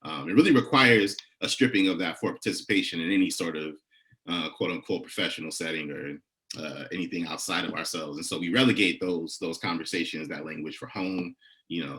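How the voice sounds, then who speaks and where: A young man with an African American English accent, talking softly with many pauses between poems, then performing spoken word poetry in a rhythmic, rising, incantatory delivery. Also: low voice. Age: young adult. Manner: soft, halting talk between poems with many fillers.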